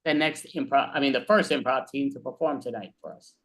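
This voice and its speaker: A man's voice: medium pitch, a little fast, a bit bright. A man co-hosting a virtual comedy show, apologizing while he sorts out the tech. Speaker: show host. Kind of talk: casual hosting.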